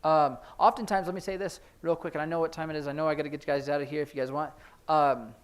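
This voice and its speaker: A man's voice: a little high, steady tone, smooth. Man teaching a sign language class. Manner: explains signs while demonstrating, hurried asides. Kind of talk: classroom instruction. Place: church classroom.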